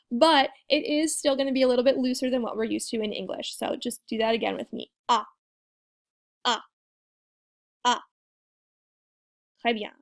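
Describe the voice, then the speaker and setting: A young woman teaching a French pronunciation lesson, encouraging and demonstrating sounds slowly with repetition. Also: fairly high pitch, gravelly. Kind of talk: video language lesson.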